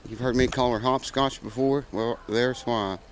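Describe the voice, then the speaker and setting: A man's voice: mid-range voice, steady tone, normal speed, a little hiss or hum, low-quality recording. A man making a guitar repair video, chatting casually in a rambling, folksy way with plenty of "uh" fillers. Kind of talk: casual vlog chat.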